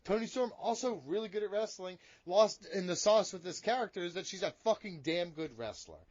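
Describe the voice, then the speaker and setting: A man's voice: sits high, lively intonation, brisk, darkish tone, no echo, muffled recording. A man co-hosting a wrestling review podcast, bantering in a brash, joking way with lots of swearing. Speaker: podcast co-host. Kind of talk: casual wrestling review chat.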